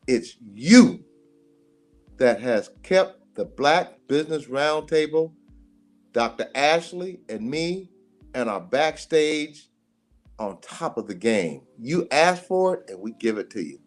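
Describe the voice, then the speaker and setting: Animated male talk radio host. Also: mid-range voice, slow, soft background music. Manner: animated, laughs often, emphatic. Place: radio studio.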